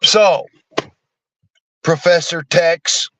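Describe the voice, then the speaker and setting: A man's voice: a little high, drawn-out words, bright, forceful tone, slight background noise. A man in his thirties ranting angrily about politics, profane, heated and sarcastic. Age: 30s. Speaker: streamer. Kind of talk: angry political rant.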